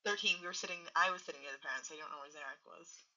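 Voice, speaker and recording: Casting: low-voiced woman player, chatty and hesitant, lo-fi sound. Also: very fast, sharp tone. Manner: chatty, hesitant, full of fillers. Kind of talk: casual chat at a tabletop game.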